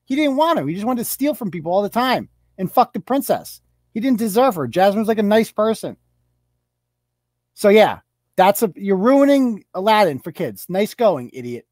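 A woman's voice: mid-range voice, big pitch swings, moderate pace, pauses often, darkish tone, dry recording. A woman hosting a live show, delivering a sarcastic, profane, mocking rant. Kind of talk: profane ranting commentary.

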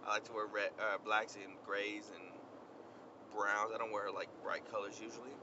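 A young man chatting casually as he tells a story outdoors on a windy day, animated and slangy. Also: fairly low pitch, moderate pace. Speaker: vlogger. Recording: lo-fi outdoor recording with traffic noise. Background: wind and passing traffic.

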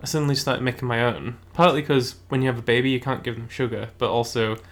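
A man's voice: medium pitch, fairly even intonation, quick pace. A man from Cumbria, chatting casually and laughing easily. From Cumbria, England. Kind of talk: casual chat.

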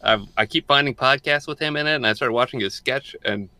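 A man's voice: mid-range voice, brisk, bright, forceful tone, no room sound. A young man co-hosting a podcast, chatting casually and rambling, often repeating and restarting his words. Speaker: podcast co-host.

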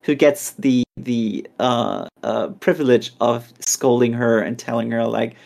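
A podcast co-host recapping a chapter in casual chat, animated and acting out characters in quick voices. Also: medium pitch, creaky.

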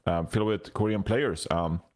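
A man hosts a relaxed esports panel chat in a fairly low voice. He talks with plenty of ums and restarts. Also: moderate pace. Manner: hesitant, many ums and restarts. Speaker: podcast host.

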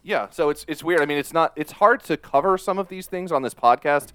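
A man's voice: fairly high pitch, a little fast, a bit bright, clear, resonant tone, no room sound. Laid-back male podcast co-host, dry sound. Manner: laid-back, hesitant with many fillers. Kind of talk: casual chat.

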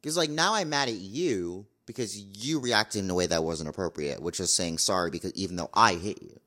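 A man's voice: sits low, a little fast, bright, forceful tone. A young man talking casually to camera in a vlog, blunt and exasperated, repeating his complaints. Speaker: vlogger.

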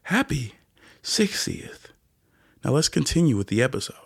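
A young man hosting a solo podcast rant, animated and self-interrupting, swinging between loud bursts and hushed asides. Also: lowish voice, moderate pace, vocal fry. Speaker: podcast host. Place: indoors, lying down recording at home.

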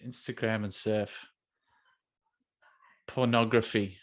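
A man's voice: lowish voice, flat delivery, takes it slowly. A man co-hosting a podcast, joking and rambling through stories in casual chat. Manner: jokey, rambling storyteller. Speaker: podcast co-host.

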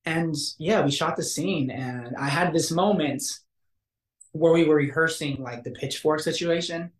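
A young man, an actor, telling a story in a casual interview, animated and acting out the quotes. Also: unhurried. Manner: animated, acts out quotes with big pitch jumps. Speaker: actor guest. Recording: roomy echo.

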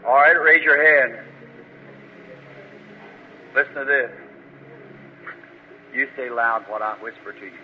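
A man's voice: medium pitch, slow, pauses often, slight background noise. A man preaching at a faith healing service, praying fervently and commanding with force. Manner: fervent, commanding when rebuking. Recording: muffled old recording in a reverberant hall.

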